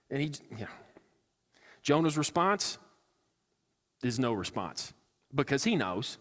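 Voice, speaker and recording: A man's voice: mid-range voice, big pitch swings, takes it slowly, pauses often, fairly bright tone, big-room sound. A man preaching a sermon as a pastor, talking in a casual way and acting out quoted lines with sarcasm. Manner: conversational, acts out quotes with sarcasm. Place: church sanctuary.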